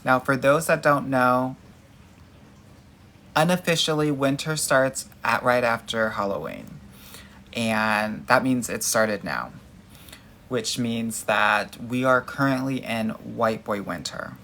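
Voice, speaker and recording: A man coaching viewers on dating during a livestream, with a mid-pitched voice and a sassy, emphatic delivery. He answers comments directly and playfully, calling everyone girl and honey. A faint hum of room noise sits under his voice. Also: slow, sharp tone. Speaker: dating coach hosting a live Q&A.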